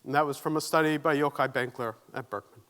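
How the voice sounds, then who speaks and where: Guy doing a keynote, kinda high voice, nervous, earnest, pokes fun at himself. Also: fairly even intonation, quick pace, fairly bright tone. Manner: earnest, self-deprecating, audience questions. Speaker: keynote speaker. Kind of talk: conference keynote talk. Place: conference stage.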